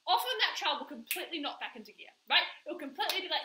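A woman's voice: sits high, big pitch swings, quick pace, reverberant, background noise. A woman coach giving an emphatic live-streamed motivational talk, repeating words for stress. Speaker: manifestation coach.

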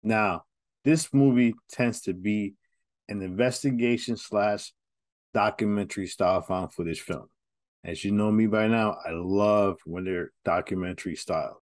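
A man hosts a laid-back horror film review, chatting candidly straight to his audience. His voice sits a touch low, and the recording is dry and close. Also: unhurried, dry recording. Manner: chatty, candid, direct to viewers. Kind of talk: casual review talk.

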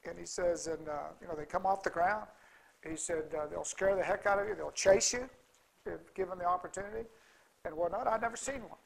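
A man's voice: sits high, a little fast, creaky, poor audio. A middle-aged man telling a rambling, folksy story at a conference, full of restarts and fillers. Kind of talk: casual storytelling talk.

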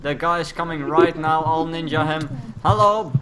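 A playful, jokey man talks through a game in English, getting excitable whenever things heat up. His voice sits a little high for a man. Clear background noise runs under the recording. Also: moderate pace. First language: Dutch. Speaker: gamer. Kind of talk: casual gameplay chat.

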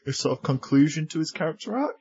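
A man co-hosting a podcast in casual chat, chatty and quick to laugh. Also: a little high, big pitch swings, a little mellow, breathy edge, lo-fi sound. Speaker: podcast co-host.

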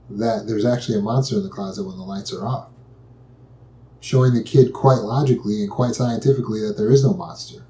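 A man with a relaxed, dark-toned voice teaches a step-by-step approach to anxiety. He is patient and calm, and he repeats his key points. The room adds a noticeable echo. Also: mid-range voice. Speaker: anxiety and trauma recovery teacher. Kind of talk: instructional talk. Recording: echoey room.

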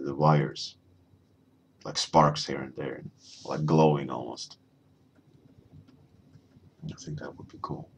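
With a very deep, creaky voice and slight background noise behind him, a man paints on a live stream as a warmup. He talks casually and rambles with lots of fillers, stopping to read what viewers type in chat.

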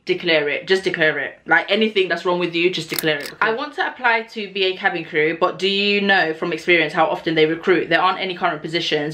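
A woman in her twenties, telling stories casually in a Q&A vlog, animated and swearing as she acts out what people said. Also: lowish voice. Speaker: vlogger, cabin crew member. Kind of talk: casual storytelling Q&A.

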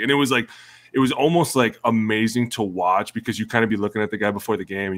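Thirties male ex-player guest; low-pitched, animated anecdote teller who voices the people he quotes. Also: fast talker. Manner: animated storyteller, acts out quotes. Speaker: former NFL player, guest. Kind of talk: casual podcast chat.

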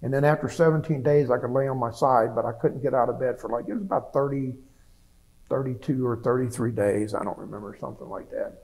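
A man's voice: mid-range voice, steady tone, fast talker, a little mellow, rough recording. An older man, a veteran, telling his wartime story in a plainspoken, rambling way with many restarts. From United States. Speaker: veteran interviewee. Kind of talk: oral history recollection.

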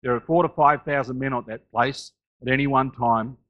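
A man's voice: steady tone, moderate pace, highs cut off. Australian-raised male pastor preaching, swelling and dropping. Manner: rises loud on key phrases, drops low and quiet between. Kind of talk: sermon.

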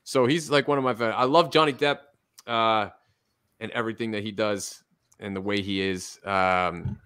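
A man's voice: fairly low pitch, fairly even intonation, normal speed, sharp tone, clear, resonant tone. A man guesting on a casual podcast, talking in a laid-back way and swearing now and then. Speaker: guest, actor and comedian. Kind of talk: casual chat.

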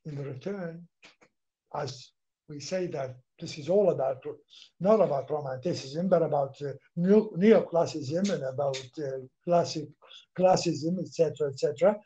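A man with a fairly high but dark-toned voice lectures on literature at normal speed, captured on a dull, lo-fi recording. He asks and answers his own questions, repeats himself, and drops briefly into Arabic for a few words.

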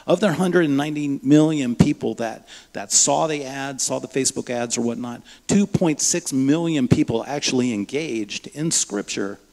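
A man preaching a sermon in a church, telling stories in a lively way and acting out the dialogue. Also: mid-range voice, gravelly. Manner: lively storyteller, acts out dialogue. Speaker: guest preacher from a Bible ministry. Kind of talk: sermon with storytelling. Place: church sanctuary. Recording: reverberant church hall.

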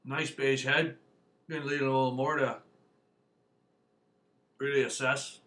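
Man, beer review vlog, bright voice, folksy rambling, lots of fillers. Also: medium pitch, flat delivery, measured pace. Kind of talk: casual video review.

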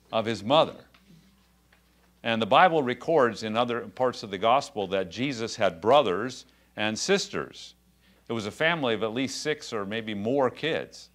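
A man preaching a sermon as pastor, talking conversationally and then building to passionate, rising emphasis. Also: mid-range voice. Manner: conversational asides with quiet drops.

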